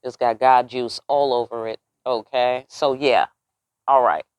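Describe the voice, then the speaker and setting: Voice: medium pitch, fairly even intonation, unhurried, clear, resonant tone, no echo. A tarot reader giving a casual spiritual reading, talking bluntly with lots of cursing and rhetorical questions. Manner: profane, emphatic, streetwise; asks the listeners rhetorical questions.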